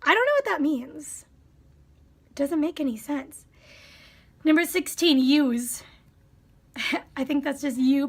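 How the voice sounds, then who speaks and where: Young Wisconsin woman, high voice, casual vlog chatter, muses aloud, a thinking-out-loud quiz host. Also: slow pace, pauses often. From Wisconsin, USA. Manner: chatty, musing, drops into whispers. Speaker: vlogger.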